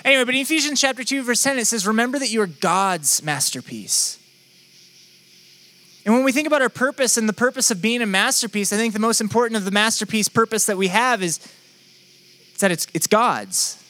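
Young guy preaching, pretty high voice, chatty and jokey. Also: fast talker, sharp tone. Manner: conversational, self-deprecating, playful. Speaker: pastor. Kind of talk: sermon.

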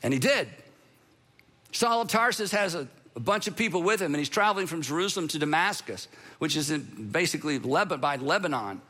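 A man preaching a sermon, telling the story in an animated way with playful humor. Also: a little high, fairly quick. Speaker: pastor.

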